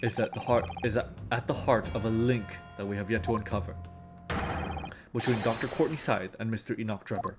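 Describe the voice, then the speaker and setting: A man's voice: fairly low pitch, steady tone, fairly quick, close to an everyday voice. Give me a man playing a confident young defense lawyer arguing his case, with game music behind.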